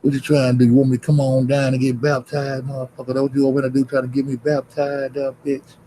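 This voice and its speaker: A man's voice: medium pitch, monotone, fast, warm tone, slight background noise, low-quality recording. A man livestreaming, ranting at his chat in a confrontational, heavily cursing, repetitive way. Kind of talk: profane rant at chat.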